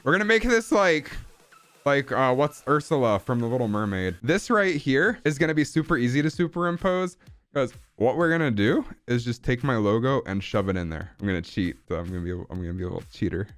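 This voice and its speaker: A man casually talking through his digital drawing as he streams, goofy and playful, in a put-on accent, with faint music behind. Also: mid-range voice. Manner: goofy and playful, silly sound words and mock grandeur. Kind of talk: casual live-stream commentary while drawing.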